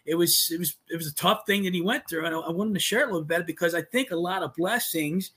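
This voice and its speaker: Husky fast-talking male podcast host. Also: high voice, fairly bright tone. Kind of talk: casual interview talk.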